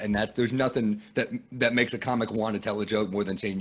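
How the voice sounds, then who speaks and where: A man's voice: medium pitch, fast, hardly any pauses, slightly rough. A man from the United States, a guest comedian, telling self-deprecating stories in casual conversation. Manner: self-deprecating, lively storytelling.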